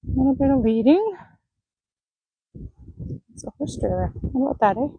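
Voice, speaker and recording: A woman horse trainer in an outdoor arena, gently praising and coaxing a horse while explaining her training to viewers. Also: high voice, sing-song, moderate pace, vocal fry, breathy edge, dry recording, phone-quality sound.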